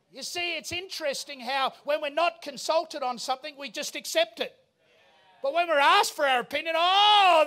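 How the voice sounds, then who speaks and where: A man preaching a sermon in a large church auditorium, emphatic and rising to shouts. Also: very high voice. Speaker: pastor.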